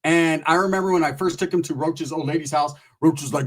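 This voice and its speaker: Guy telling a long crude story, laid back, husky voice, a bit high. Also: a little fast. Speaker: comedian. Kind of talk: profane comic storytelling.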